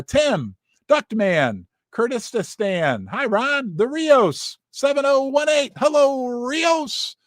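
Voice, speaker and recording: An excitable man hosts a live stream from his basement, calling out viewers' names one after another. His voice sits high for a man and the sound is close and dry. He is losing his voice. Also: no room sound. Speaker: host of a precious metals live stream. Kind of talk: live stream chat greetings. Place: basement room.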